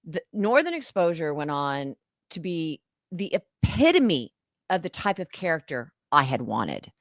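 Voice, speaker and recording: A woman, an actress and author, telling an emotional story as an interview guest in an animated, dramatic way. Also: sits low, measured pace, dry recording. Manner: animated, dramatic, acts out past conversations.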